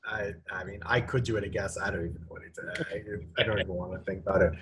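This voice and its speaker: Bright-voiced man recapping with dry asides. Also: fairly low pitch, fairly even intonation, fast. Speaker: podcast guest. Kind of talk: casual chat.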